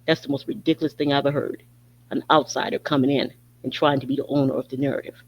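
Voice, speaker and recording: A man's voice: mid-range voice, little pitch movement, fast. A man hosting a podcast, delivering a heated, profane opinion monologue that circles back on its points again and again. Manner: heated, profane, repetitive ranting. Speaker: podcast host. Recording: dull lo-fi recording.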